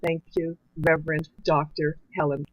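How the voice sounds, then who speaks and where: A woman from a church community giving earnest thanks and leading an affirmation, slowing on key phrases. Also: low voice, little pitch movement, no echo, poor audio. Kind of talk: heartfelt formal thanks in a church service.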